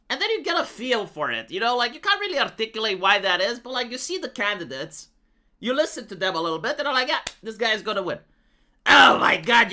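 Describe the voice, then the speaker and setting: Man streaming, rambling sarcastic rant with a very bright voice. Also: high voice. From Romania. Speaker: live streamer. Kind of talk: political rant.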